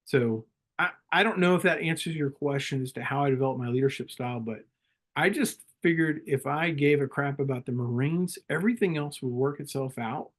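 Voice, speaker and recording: Middle-aged guy, ex-marine, calm storyteller, laughs easy, mid-pitched voice. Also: a little fast. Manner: calm, reflective, laughs easily. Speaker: podcast guest, former Marine leader. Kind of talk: casual interview storytelling.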